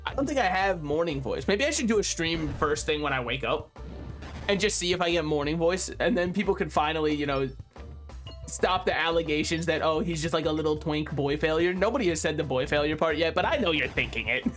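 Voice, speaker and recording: A man's voice: on the high side, a little fast. Joking young male streamer over game music. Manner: joking, rambling, animated, swears freely. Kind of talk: casual gaming stream chatter.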